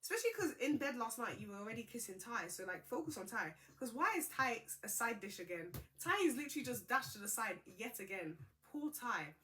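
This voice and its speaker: A young woman hosting a casual reality TV recap, chatty and gossipy with expressive reactions. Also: on the high side. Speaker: host.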